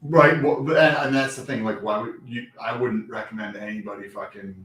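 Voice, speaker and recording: A man's voice: on the low side, steady tone, brisk, fairly bright tone, echoey room, recorded from a distance, poor audio. A man calling in as a guest, talking loosely and swearing a bit while explaining things. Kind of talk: casual chat on a livestream call.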